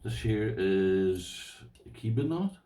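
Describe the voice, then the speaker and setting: Here a lowish, warm male voice speaks slowly but with animation, recorded from afar in a roomy space with a faint hiss or hum. He's Irish, chatty and rambling, presenting his lock collection to viewers he calls "boys," often saying "this here" in a casual show-and-tell.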